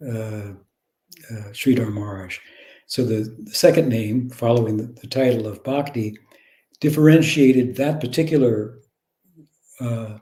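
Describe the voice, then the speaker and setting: An older man, a monk, recalling his past in a reflective, halting way, with many fillers and polite self-corrections. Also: mid-range voice, a little mellow, roomy sound, poor audio. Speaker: guest monk. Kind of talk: reflective spoken recollection.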